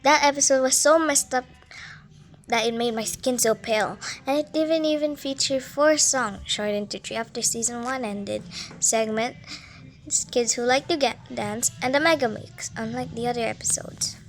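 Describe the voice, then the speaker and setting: A woman reading a creepypasta story aloud, halting and stumbling with frequent restarts. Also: fairly high pitch, soft background music.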